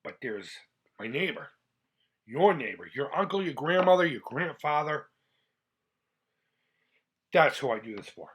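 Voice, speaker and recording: A middle-aged man from the United States hosts his retro gaming channel in a casual vlog. His voice sits a little high for a man. He talks in a chatty, heartfelt way, rambling and restarting his sentences. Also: pushed and bright.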